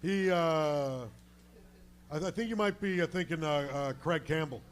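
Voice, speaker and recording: A man's voice: on the high side, normal speed. A man hosting a podcast in casual chat, hesitant with many restarts. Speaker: podcast host.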